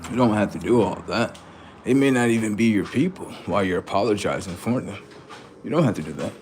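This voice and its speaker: A man's voice: lowish voice, animated, fairly quick, a little mellow, a little hiss or hum. A man hosting a livestream who delivers a rambling, preachy and profane unscripted monologue. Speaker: livestream host.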